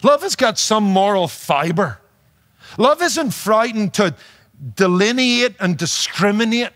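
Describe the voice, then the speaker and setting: A man's voice: high voice, lively intonation, a little slow, fairly bright tone. A middle-aged man with an Irish accent preaching a sermon in a conversational way, with rhetorical questions and light humor. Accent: Northern Irish. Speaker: pastor.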